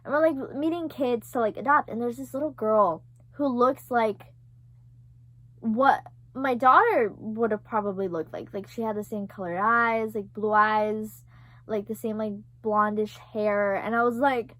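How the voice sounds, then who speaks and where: A young woman telling a story in a casual vlog, animated and profane, with many fillers. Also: on the high side, moderate pace, no echo. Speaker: vlogger.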